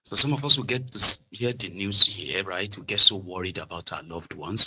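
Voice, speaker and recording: A Nigerian man with a Yoruba-inflected accent giving animated political commentary, switching between Pidgin, Yoruba and English and mimicking people mockingly. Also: fairly low pitch, a little fast, hardly any pauses, slightly rough.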